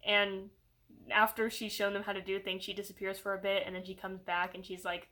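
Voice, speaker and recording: A young woman giving a casual, rambling movie review in her own channel's video, animated and full of fillers, slipping into voices when she quotes characters. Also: medium pitch, brisk. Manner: rambling, animated, heavy use of "like".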